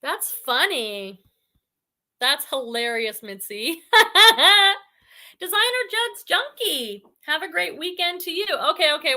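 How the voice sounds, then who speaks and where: Woman, from the Boston area, livestream host, casual chat, high voice, bright tone, bubbly. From Boston area, New England. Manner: chatty and bubbly, laughs often. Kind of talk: casual live-stream chat reading viewer comments.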